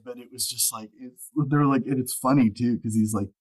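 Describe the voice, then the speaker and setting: This man, an audiobook narrator, appears as a guest in a relaxed interview, rambling through stories, restarting phrases, and acting out remembered back-and-forth exchanges. His voice is mid-range, steady, brisk, darkish, and husky, captured in a dry, rough recording.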